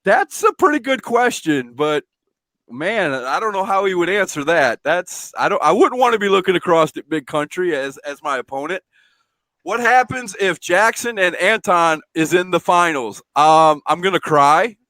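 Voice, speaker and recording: A man's voice: sits high, animated, moderate pace, pushed and bright, no echo. A man hosting a casual live stream from home, chatting, reading out viewer comments and laughing often. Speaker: show host.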